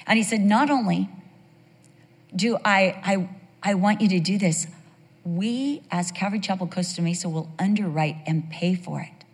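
A woman pastor preaches through her stories with animated energy, her voice a little husky. She sometimes sinks to a whisper for emphasis. The sound carries the long reverb of a big hall. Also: medium pitch, normal speed. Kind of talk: sermon storytelling.

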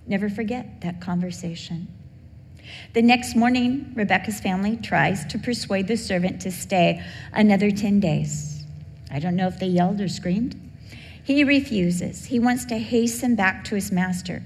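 Brief: middle-aged woman preacher, heartfelt storytelling, mid pitch, big room. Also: normal speed, darkish tone. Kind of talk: sermon with personal story. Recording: long hall reverb, faint background hum.

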